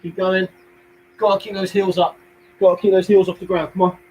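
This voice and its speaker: An energetic young man with a London accent coaches a home workout, his voice sitting high for a man. He counts reps, encourages viewers and drops jokey asides. A faint hum runs under the recording. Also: fairly quick, poor audio. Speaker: fitness instructor.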